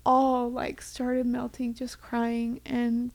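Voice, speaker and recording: A woman's voice: a little high, fairly even intonation, a little slow, gravelly, darkish tone, dry recording. A young woman co-hosting a podcast, chatting casually in a rambling way with many fillers and sounding tender and close to tears. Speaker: podcast co-host. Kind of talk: casual chat.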